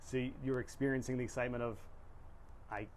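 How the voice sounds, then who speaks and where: A man's voice: medium pitch, moderate pace, slight background noise. A man in a middle range hosts a casual interview. He thinks aloud reflectively and hesitantly, restarting his sentences often. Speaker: podcast host.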